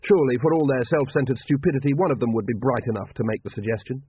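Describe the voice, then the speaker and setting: A man's voice: mid-range voice, fast talker, slightly rough, dry recording. A man narrating a comic fantasy audiobook in a wry storytelling manner. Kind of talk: scripted narration. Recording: dry, tinny, phone-like sound.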